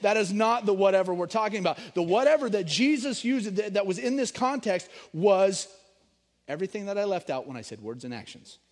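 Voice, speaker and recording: A middle-aged man preaching a sermon, animated, swinging between loud emphasis and hushed storytelling. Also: high voice, a little fast. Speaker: pastor.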